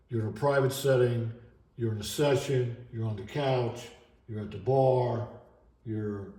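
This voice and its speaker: A man's voice: medium pitch, dark tone. Rambling, emotional man in an echoey room. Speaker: vlogger. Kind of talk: unscripted monologue vlog. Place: at home.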